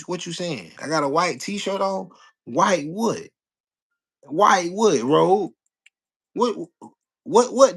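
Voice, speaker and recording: Man, livestream host, slightly high voice, loose slangy chat, repeats himself. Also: creaky. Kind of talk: casual live chat with viewers.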